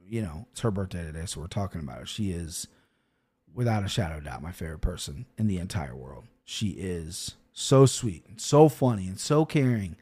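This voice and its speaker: A man in his thirties hosting a podcast in a casual, rambling monologue, swearing often and full of fillers and restarts, soft and emotional at times. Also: fairly low pitch. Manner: soft and emotional when talking about his daughter. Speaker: podcast host.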